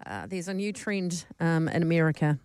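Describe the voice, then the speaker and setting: A woman's voice: low-pitched, animated, moderate pace, darkish tone, no room sound, studio quality. A woman, hosting casual radio chat in a chatty, giggly way with plenty of fillers. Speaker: radio host.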